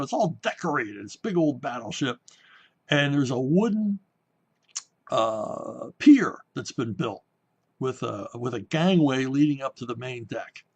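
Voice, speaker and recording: Man telling stories with voices. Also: medium pitch. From Pennsylvania. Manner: animated anecdotes, voices the people in his stories. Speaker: comic book writer. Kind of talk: casual storytelling.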